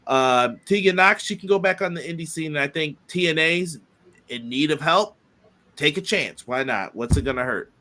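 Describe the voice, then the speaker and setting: A man's voice: fairly high pitch, lively intonation, moderate pace, bright, forceful tone. A man co-hosting a casual podcast, chatting loosely and reading viewer comments aloud. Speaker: podcast co-host.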